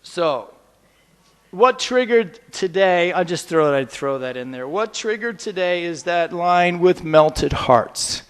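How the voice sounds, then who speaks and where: A man giving a humorous storytelling lecture, playful and animated, drawing the audience in. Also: high voice, takes it slowly, clean tone.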